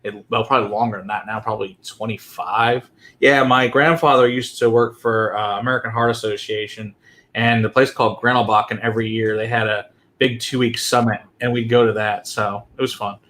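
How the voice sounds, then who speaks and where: A man co-hosting a casual chat, telling travel stories in a profane, animated way. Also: lowish voice, fairly quick. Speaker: whiskey show co-host.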